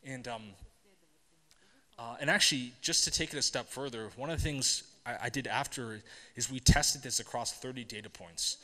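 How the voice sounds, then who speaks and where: On stage at a tech event, a man with a sharp, mid-range voice tells stories in a conversational way. He puts questions to the audience and checks in with a quick "right?", and a long hall reverb hangs on the sound.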